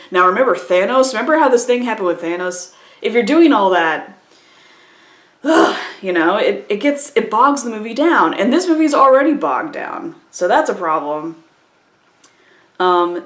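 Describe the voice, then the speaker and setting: Woman vlogger ranting about a film, mid pitch, echoey room. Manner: exasperated, with many restarts and quoted asides. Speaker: movie reviewer. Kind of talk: casual spoken review.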